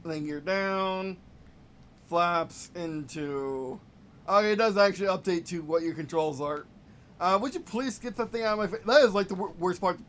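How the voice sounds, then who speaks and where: A gameplay video host giving live commentary, venting frustration at the game in short, repeated outbursts and yelling complaints. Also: medium pitch, normal speed, slight background noise.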